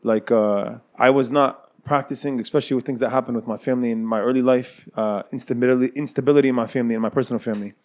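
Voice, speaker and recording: Brief: man, 30s, rapid storyteller, mid-pitched, circles back on phrases. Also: steady tone. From United States. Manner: fast, repeats and rephrases phrases. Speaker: Islamic scholar, guest. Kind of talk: personal storytelling in interview.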